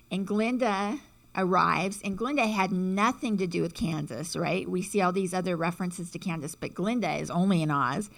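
Female teacher, casual talk, conversational and lower-pitched, checks in with listeners often. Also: gravelly. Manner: chatty, frequent "right?" checks, acts out quotes. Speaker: teacher explaining symbolism.

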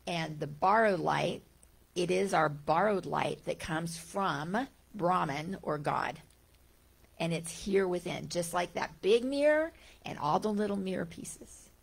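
A middle-aged woman giving a gentle, conversational spiritual talk, full of rhetorical questions and small restarts. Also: on the low side, unhurried, gravelly, husky. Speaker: spiritual teacher. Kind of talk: talk on Vedanta teaching.

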